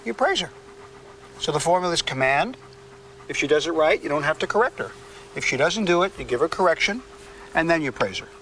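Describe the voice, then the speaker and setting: A man leads a hands-on dog training session, coaching in firm, clipped commands. His voice sits a little high. He is picked up from some distance outdoors, with faint traffic and ambience behind him. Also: sing-song, brisk, long pauses, a bit bright.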